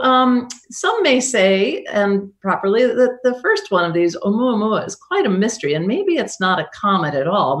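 A woman hosting a live science program from home over a video call, chatty and given to wry, self-mocking jokes. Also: fairly low pitch. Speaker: science show host. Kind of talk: live remote science presentation.

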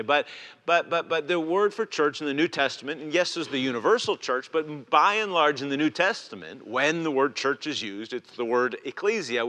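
Male pastor, sermon delivery, earnest with restarts; bright, forceful tone, slightly high, long hall reverb. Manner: earnest, repeats words and restarts.

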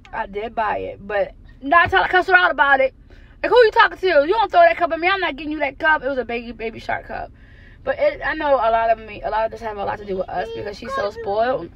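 A woman's voice: high-pitched, bright, forceful tone, dry recording, muffled recording. An American woman in her thirties, a mother vlogging from her car, venting bluntly and frankly about her kids with some cursing. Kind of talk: candid venting car chat. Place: parked car, then driving home.

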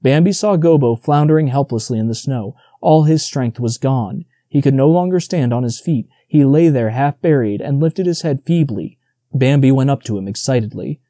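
A man reading a storybook audiobook aloud in a steady, measured narration. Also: medium pitch, dry recording, studio quality.

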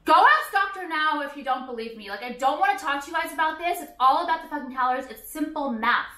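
A woman's voice: sits high, lively intonation, quick pace, sharp tone, echoey room. A young woman vlogging in a blunt, profane ranting style, filling her talk with "like". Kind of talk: ranting casual vlog. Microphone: phone camera at arm's length.

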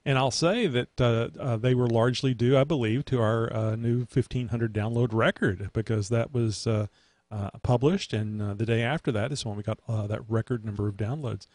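A man's voice: medium pitch, normal speed, a little mellow, dry recording. A man hosting a casual podcast, rambling with many fillers. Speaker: host.

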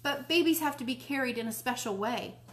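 A frazzled mother of three, urgent and quick to scold, from a read-aloud storybook, as a woman reader voices her. She sounds a little raised above the reader's own voice. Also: sits high, voice pushed up, lightly acted.

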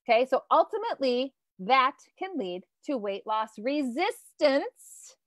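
Woman, 30s, nutrition coach; high voice, chatty and animated, salty language, close dry mic. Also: measured pace, no room sound. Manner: animated, casual, swears freely, reacts to viewer comments. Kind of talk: live-streamed coaching talk.

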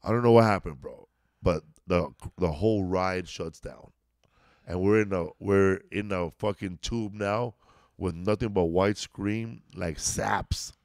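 A man's voice: low voice, unhurried, a little mellow, dry recording, clean studio sound. Rambling man telling stories. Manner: rambling storyteller, peppers talk with "bro" and "dog". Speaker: podcast co-host, comedian. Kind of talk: casual chat.

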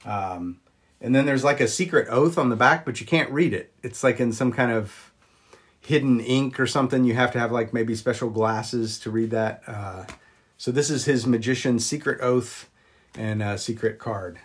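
A man chatting casually on a live stream, greeting viewers and filling pauses with ums as he shows old magic props. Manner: chatty, greets viewers, jumps up high on exclamations; frequent ums and uhs. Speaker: vlogger showing magic props.

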